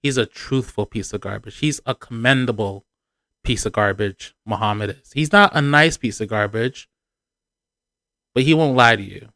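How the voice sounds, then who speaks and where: A man giving sarcastic, animated commentary on a reality TV show in a casual vlog, with punchy emphasis on his points. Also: mid-range voice, moderate pace, no room sound, studio quality.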